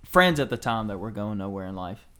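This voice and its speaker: A young man hosting a podcast, telling a story in casual, profane, animated chat. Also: on the low side, fairly quick. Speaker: podcast host.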